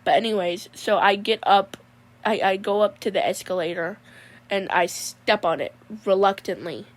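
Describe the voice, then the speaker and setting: A woman plays a mulleted, easygoing young dude for a comic monologue, drawling and rambling while calling everyone "mon." She speaks at a moderate pace in a mid-range, natural voice.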